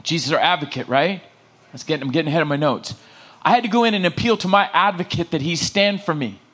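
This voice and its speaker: Preacher man telling stories, slightly high. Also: fast. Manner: animated storytelling, acting out dialogue. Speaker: pastor. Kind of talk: sermon. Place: church.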